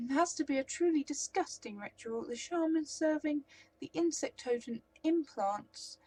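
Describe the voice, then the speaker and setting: A woman doing a flamboyant male elf from a role-playing game, theatrical and mocking, with a high, lilting, sing-song voice. He lectures with relish and swoops up the scale on his big words. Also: warm tone, dry recording, rough recording.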